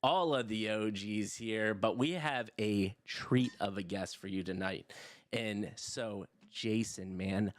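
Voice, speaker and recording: A middle-aged man hosting a podcast in casual, energetic chat, swearing freely. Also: fairly low pitch, slow pace, dry recording. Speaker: podcast host.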